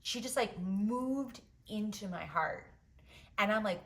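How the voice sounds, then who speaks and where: Woman, podcast host, bright voice, candid storytelling, swearing, emotional, lots of fillers. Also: medium pitch, unhurried. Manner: emotional, profane, filler-heavy, many "like"s. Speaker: podcast host giving advice.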